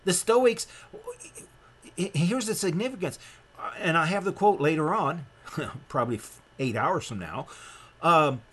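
A man's voice: expressive, measured pace, long pauses, a bit bright, slightly rough. A man from Nebraska delivers a heated sermon-style lecture in a slightly raised voice. He talks emphatically and in a rambling way, doubling back on his words and restarting sentences as he pushes his point. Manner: emphatic and rambling, with frequent restarts and sudden rises in pitch.

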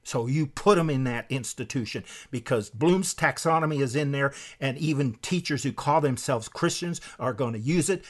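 A man delivering an impassioned sermon-style lecture, emphatic, with sharp swings in pitch and loudness, reading quotes aloud from a book. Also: normal speed, hardly any pauses.

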